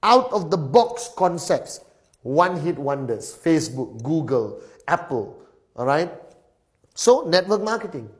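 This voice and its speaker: Male presenter, somewhat high voice, upbeat whiteboard-lesson delivery, punchy lists, constant "all right?" check-ins. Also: measured pace. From Malaysia. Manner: punctuates phrases with a repeated "all right?"; animated, emphatic lister. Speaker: network marketing presenter.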